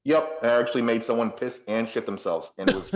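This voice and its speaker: A man's voice: mid-range voice, fast talker, slight background noise. A man guesting on a podcast, telling stories in a chatty way with many fillers. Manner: chatty, many fillers, acts out voices in anecdotes. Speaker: podcast guest, haunt actor. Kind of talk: casual storytelling. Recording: dull lo-fi sound.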